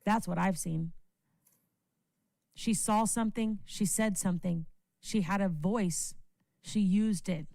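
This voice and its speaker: A woman's voice: medium pitch, slow, creaky, pauses often, no room sound. A woman giving an impassioned, profane livestream speech, repeating phrases for emphasis. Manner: profane, rising from earnest praise to yelling. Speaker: livestream panelist.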